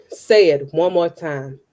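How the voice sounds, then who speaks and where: A woman from Chicago performing spoken word poetry with a rhythmic, emphatic delivery, then chatting casually. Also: lowish voice. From Southside of Chicago. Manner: relaxed, casual talk with fillers when chatting. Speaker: poet.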